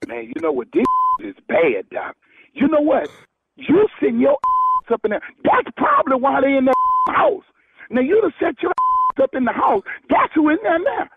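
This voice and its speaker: A man on the phone reacting loudly and excitably, repeating himself as he talks over the caller. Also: extremely high pitch, a little slow, long pauses. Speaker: prank call target. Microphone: telephone. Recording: tinny phone line.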